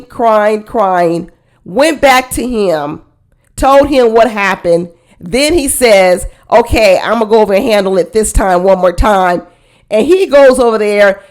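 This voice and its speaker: A woman giving casual, blunt commentary on a reality show, with sassy, animated delivery and frequent laughing asides. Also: a little high. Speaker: reality TV reaction host.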